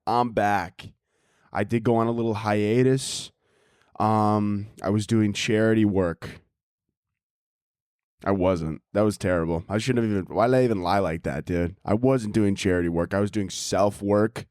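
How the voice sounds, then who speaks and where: A man's voice: lowish voice, fairly even intonation, normal speed, a little mellow, no echo, studio quality. A young man hosting his own comedy podcast, rambling alone through crude, self-mocking banter. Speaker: podcast host. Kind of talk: solo comedic podcast rant.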